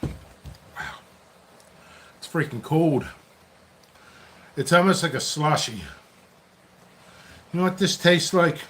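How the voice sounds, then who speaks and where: Slow and animated, with long pauses, the man's fairly bright, higher voice carries over slight background noise. He's a pepper seed seller hosting his channel, chatting and rambling to himself while working in a basement for a casual solo vlog.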